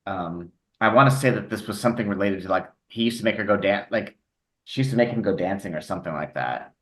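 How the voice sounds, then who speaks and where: A man's voice: lowish voice, fast talker, a bit bright. A man on a music podcast in casual chat, blunt and opinionated.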